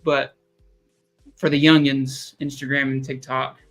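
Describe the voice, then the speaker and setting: A man's voice: mid-range voice, level tone, unhurried, soft background music. A young man with a Southern accent, chatting casually and joking about himself as a podcast co-host. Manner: rambling, self-deprecating, joking. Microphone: streaming call mic.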